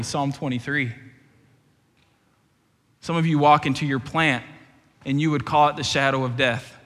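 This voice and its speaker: Preacher, male, young adult, bright high voice, impassioned, reverberant hall. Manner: impassioned preaching, swinging from loud emphatic peaks to soft pleading. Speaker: pastor. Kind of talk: sermon.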